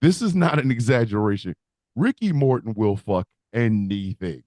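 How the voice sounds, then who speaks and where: Animated, profane male podcast host. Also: fairly low pitch, normal speed, no echo. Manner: animated, profane, laughing storyteller. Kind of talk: crude comedic banter.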